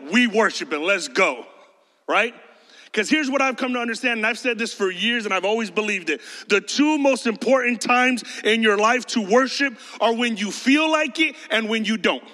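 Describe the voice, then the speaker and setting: A man preaching a sermon in a lively way, acting out voices and speaking straight to the congregation. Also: very high-pitched. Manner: animated, acts out quoted voices, addresses the congregation as y'all. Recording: reverberant hall.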